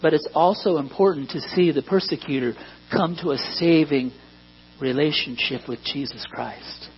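A pastor delivering a sermon in an earnest way, rising to emphatic points and dropping to quiet asides. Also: male voice, on the high side, normal speed. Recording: dull lo-fi recording with mains hum.

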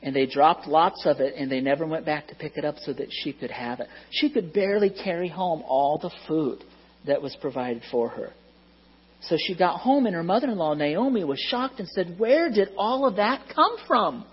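A children's Bible teacher telling a story to a group of kids in a lively way, asking them questions and hushing them. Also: medium pitch, moderate pace, breathy edge. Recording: dull lo-fi sound.

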